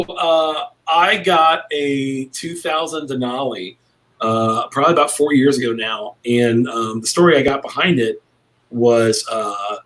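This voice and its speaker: A man's voice: mid-range voice, a bit bright, low-quality recording. A brash middle-aged man, a cigar maker guesting on a podcast, telling a long rambling story in casual chat.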